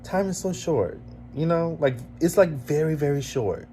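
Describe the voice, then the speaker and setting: Male vlog host, slightly high voice, emotional and rambling, just out of bed, faint hiss behind. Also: lively intonation, moderate pace, mellow. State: just woken, emotionally heavy. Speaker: vlogger host. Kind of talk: casual reflective vlog.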